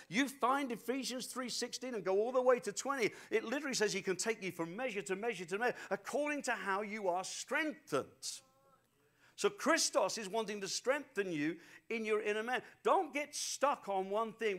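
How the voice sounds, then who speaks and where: An animated man preaching, with a fairly high voice for a man. He tells stories and hammers his points home by repeating phrases, as a pastor addressing a congregation. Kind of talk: sermon.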